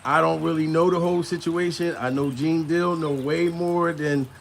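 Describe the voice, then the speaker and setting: A man's voice: fairly high pitch, steady tone, normal speed, creaky, a little hiss or hum. A man doing casual comedic commentary, crude and rambling, laughing between lines and out of breath.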